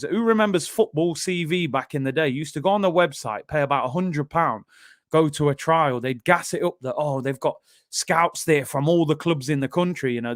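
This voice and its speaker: A male football fan talks viewers through match replays in a loose, animated way, calling out to his audience as he goes. His voice sits a little high for a man. The recording is close and dry. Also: no echo. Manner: chatty, animated, keeps addressing viewers as "people". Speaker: football channel host. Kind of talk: casual fan commentary over match replays.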